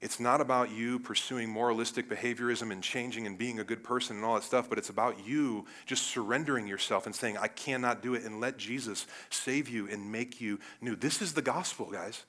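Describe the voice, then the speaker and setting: A man preaching a sermon as pastor, talking straight to the congregation and swinging from loud emphatic peaks down to low, quiet stretches. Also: brisk, hardly any pauses. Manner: animated, rises to loud emphatic peaks then drops low; addresses congregation directly with "guys" and "right?".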